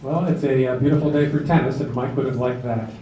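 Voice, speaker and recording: A man speaking to a seated crowd in a club hall, easygoing and folksy, with light jokes and fillers. His voice is mellow and dark. He sounds distant from the mic, the room is echoey, and the dull recording has a faint hiss. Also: medium pitch, fast talker. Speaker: officiant of a memorial service. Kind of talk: public address at a memorial. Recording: roomy, distant, dull amateur video.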